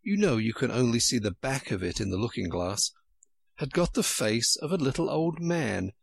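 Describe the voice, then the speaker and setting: A man narrating a storybook in a lively way. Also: mid-range voice, moderate pace, vocal fry, husky, no echo.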